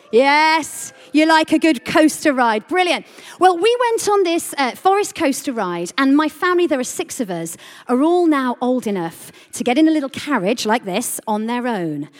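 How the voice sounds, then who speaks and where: A woman giving a lively sermon to a congregation, telling a story with animated delivery and questions to the audience. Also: high voice. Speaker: preacher. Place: church hall. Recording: reverberant hall.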